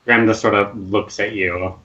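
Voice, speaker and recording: A man narrating as game master of a tabletop game in a relaxed, loose way. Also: on the low side, moderate pace, muffled recording.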